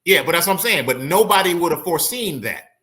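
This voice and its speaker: In a fairly high, animated, sharp voice, a fast-talking guest, a criminal and appellate attorney, analyzes a trial over casual conversation. He reenacts courtroom quotes and drops in slangy side remarks.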